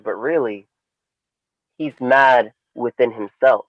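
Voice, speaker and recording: Animated man telling a story, dry sound. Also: slow pace, long pauses, no echo, dull audio. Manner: animated storyteller, swings pitch for emphasis. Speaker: podcast co-host. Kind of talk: casual storytelling chat.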